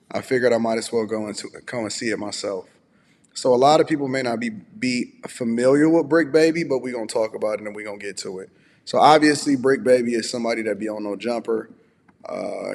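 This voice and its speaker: A man hosting a casual live stream from home, relaxed and a bit groggy with a slightly raspy voice, chatting and reading viewer messages aloud. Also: medium pitch, in a large hall, slight background noise. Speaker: host.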